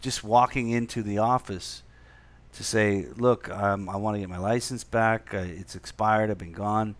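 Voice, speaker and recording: A man's voice: fairly low pitch, steady tone, normal speed. Rambling, profane man from Canada. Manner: rambling, profane, many restarts. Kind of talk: casual chat.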